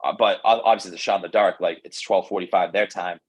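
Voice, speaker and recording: A young man's low, husky voice, relaxed and conversational. He rambles through a story in a casual interview, stacking fillers and slipping into quoted dialogue. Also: fast talker, rough recording. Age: young adult. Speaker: pro baseball pitcher, guest.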